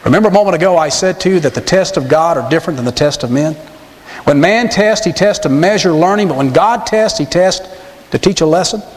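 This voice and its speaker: A man's voice: a little high, a little fast. A man preaching a sermon, emphatic and full of rhetorical questions to his listeners. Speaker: pastor. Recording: long hall reverb.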